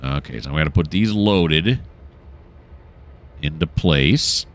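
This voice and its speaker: A man's voice: very deep voice, animated, slow. A man casually commenting while playing a train simulator game, joking and mocking himself as he rambles. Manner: jokey, self-mocking, rambling. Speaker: gameplay commentator.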